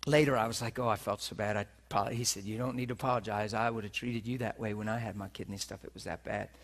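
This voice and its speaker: A middle-aged man preaching, telling a personal story with animated delivery, acting out voices and laughing often. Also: fairly low pitch, fast. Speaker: preacher teaching on healing. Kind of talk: sermon storytelling. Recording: live teaching session, room mic.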